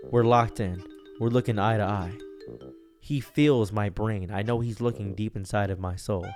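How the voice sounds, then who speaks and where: A young man telling an absurd comic story in a deadpan, rambling way. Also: lowish voice, moderate pace, faint music behind. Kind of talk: comedic storytelling.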